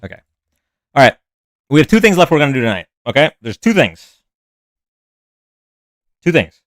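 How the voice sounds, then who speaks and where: A man's voice: medium pitch, big pitch swings, moderate pace, dry recording. A man hosting a live stream in a casual, rambling way, chatting with viewers and reacting to their comments. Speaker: livestream host. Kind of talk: casual livestream chat.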